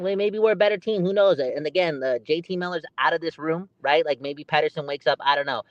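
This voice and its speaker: A man co-hosting a podcast, ranting in an animated, exasperated way. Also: a little high, a little fast, no room sound, lo-fi sound. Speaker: podcast co-host. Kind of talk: heated casual podcast chat.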